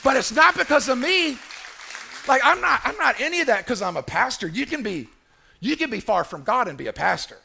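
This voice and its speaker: A man's voice: extremely high pitch, sing-song, brisk, vocal fry, sharp tone, slightly rough, a faint crowd. A man preaching a sermon as pastor in a church, emphatic and repetitive, calling on the congregation to answer him.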